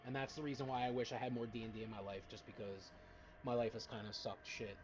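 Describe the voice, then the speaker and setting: A man's voice: medium pitch, little pitch movement, quick pace. A man in casual chat about his tabletop game, rambling and swearing freely with constant "like" fillers. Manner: profane, rambling, heavy use of filler "like". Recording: slightly muffled lo-fi stream audio.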